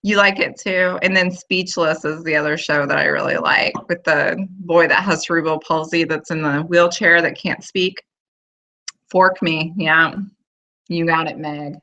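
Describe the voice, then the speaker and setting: Speaking at a fairly low pitch with a sharp tone, a woman in her thirties takes her time as she hosts a casual live video chat from home. She rambles in a chatty way, filling her talk with fillers, and the recording sounds muffled.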